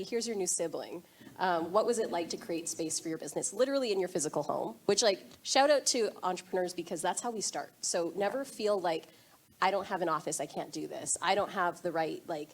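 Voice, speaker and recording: A woman's voice: on the low side, fast talker. A young adult woman interviewing a guest onstage, encouraging and addressing the audience directly. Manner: warm, encouraging, speaks to the audience. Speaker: interviewer, event host.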